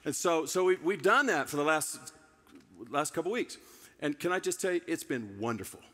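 Pastor, man, preaching, bright and forceful, slightly high, long reverb of a church hall. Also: moderate pace. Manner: playful, self-teasing, repeats phrases. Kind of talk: sermon. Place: church sanctuary.

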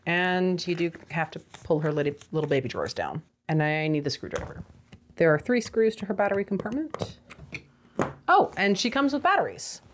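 A woman's voice: fairly low pitch, slight background noise. A young adult woman giving a casual toy review, with sarcastic, exasperated asides.

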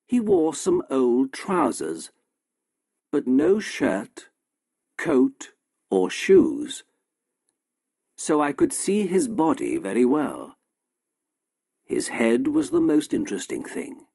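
A man narrating a story in a slow, simple, deliberate way for English learners. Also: medium pitch, huge pitch swings, vocal fry, mellow, no room sound, studio quality.

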